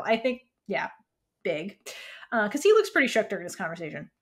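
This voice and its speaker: Woman, podcast co-host, fairly high voice, animated recap, casual swearing. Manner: animated storytelling, quick asides, casual swearing. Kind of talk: casual TV episode recap chat.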